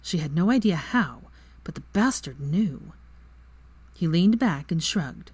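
A woman reading fan fiction aloud as narrator in a steady, even manner. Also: fairly low pitch, measured pace, breathy edge. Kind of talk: story narration.

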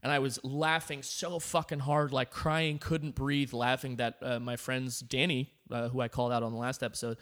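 A young man co-hosting a casual podcast chat, sweary and laid-back with quick asides. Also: medium pitch, flat delivery, fairly bright tone. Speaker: podcast co-host.

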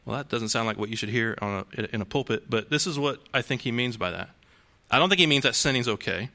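A man's voice: medium pitch, animated, fast talker, creaky, pushed and bright. A man preaching a sermon to a congregation in a conversational way, asking rhetorical questions and restarting phrases. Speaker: pastor.

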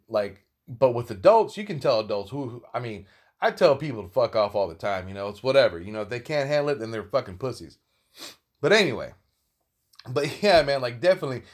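A man hosting a solo podcast, talking casually in a profane, rambling and opinionated way. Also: medium pitch. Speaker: podcast host.

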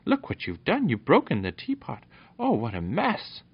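A man voicing a young girl princess in a raised, high put-on voice, on a dull lo-fi recording. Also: huge pitch swings, normal speed, slightly rough, heavily acted. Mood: astonished.

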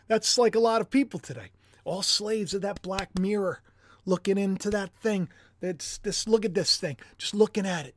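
Excitable man hosting a livestream. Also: high voice, moderate pace, no room sound, clean studio sound. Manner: excitable, animated; chatty, jokey asides. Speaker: host. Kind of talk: livestream commentary.

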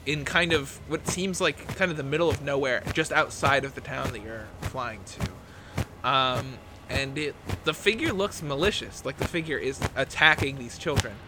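A man narrating a tabletop game as game master, halting, with many fillers. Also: medium pitch, background noise.

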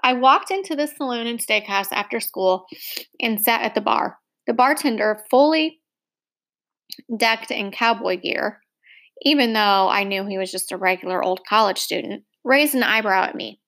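A woman narrating a first-person novel aloud, expressive and acting out the dialogue. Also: medium pitch, moderate pace. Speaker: audiobook narrator.

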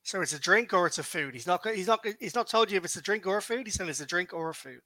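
Bright-voiced upbeat podcast host man. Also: high voice, expressive, rapid-fire, dry recording. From Ireland or Britain. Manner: upbeat, wraps up with thanks to listeners. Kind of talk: casual podcast chat.

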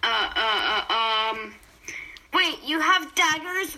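A young woman reading a fan story with a friend, excitable, voicing the characters and swearing. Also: high voice, slow pace, rough recording. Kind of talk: casual reaction reading.

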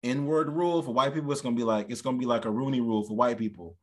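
A man co-hosting a podcast in casual chat, animated and given to acting out other people in a high voice. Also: racing. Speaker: podcast co-host; stand-up comedian.

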